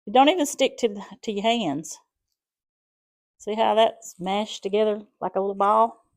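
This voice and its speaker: A woman's voice: mid-range voice, moderate pace. A middle-aged woman with a South Alabama accent, chatting through a home cooking demonstration in a folksy, rambling way. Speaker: home cooking channel host.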